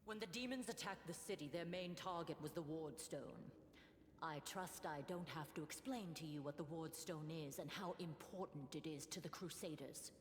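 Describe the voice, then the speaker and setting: Actress as a commanding female warden in a fantasy game; low-pitched, echoey with long reverb. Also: normal speed, slight background noise, natural voice. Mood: earnest command. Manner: earnest and commanding. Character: stern female half-orc warden, battle leader. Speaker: temporary warden leading the defense.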